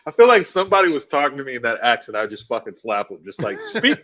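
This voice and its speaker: A man's voice: mid-range voice, very animated, racing, background noise. A man co-hosting a podcast in casual chat, laughing and swearing through the banter.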